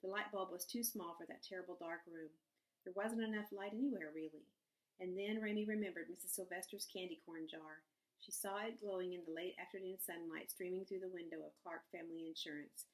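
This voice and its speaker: A woman reading a children's novel aloud in a measured, expressive narration. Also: fairly low pitch, low-quality recording. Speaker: audiobook narrator. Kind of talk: scripted narration.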